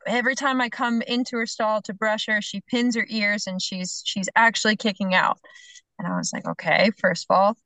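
A middle-aged woman, a horse trainer on a podcast, telling a story in a lively way and acting out what people said. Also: medium pitch, dry recording, rough recording. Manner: animated storyteller, acts out the other people's lines, laughs between phrases. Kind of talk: casual storytelling chat.

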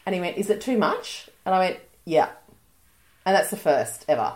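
A woman's voice: fairly low pitch, very animated, moderate pace. A woman in her forties co-hosts a casual podcast chat. Her voice rises and falls with a lot of movement as she spins stories. She laughs easily and slips into acted-out quotes of the people in her stories. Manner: chatty storyteller, laughs often, acts out quoted voices. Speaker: podcast co-host.

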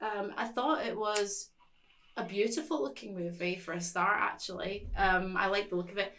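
A woman with a Glaswegian Scottish accent, co-hosting a podcast in casual chat, animated, teasing and laughing often. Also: medium pitch, normal speed, slight background noise. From Scotland. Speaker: podcast co-host.

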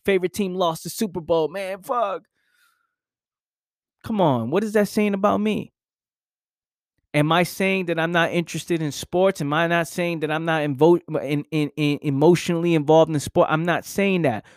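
A man's voice: fairly high pitch, steady tone, normal speed, no echo, studio quality. A young adult man giving an intense, profane motivational monologue, full of repetition and rhetorical questions. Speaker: motivational speaker.

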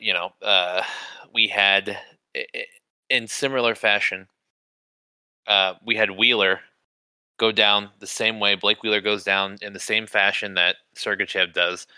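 A man co-hosting a casual sports podcast, talking in a profane, animated way and saying "you know" and "bro" a lot. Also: fairly low pitch, smooth, dry recording, rough recording. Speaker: podcast co-host.

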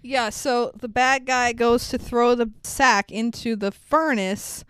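A woman's voice: on the high side, slow, clear, resonant tone, no room sound. A woman co-hosting a podcast, casually recapping a movie with lots of laughter and acted-out quotes. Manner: animated, laughing storyteller acting out quotes. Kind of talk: casual chat.

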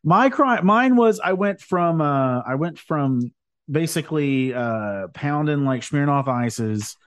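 A man's voice: fairly high pitch, expressive, takes it slowly, no echo, clean studio sound. A man hosting a casual chat, rambling and laughing often.

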